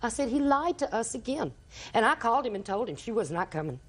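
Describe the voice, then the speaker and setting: A woman's voice: a little high, sing-song, fast talker. An older woman, a grandmother testifying as a litigant in a TV courtroom, telling her story at length and acting out everyone's quoted lines.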